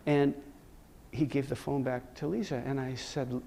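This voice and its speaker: A man's voice: medium pitch, fairly even intonation, unhurried, gravelly, mellow. A man giving a talk at a conference, telling a personal story in a dramatic, joking way and acting out the conversations. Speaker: conference speaker. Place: conference stage.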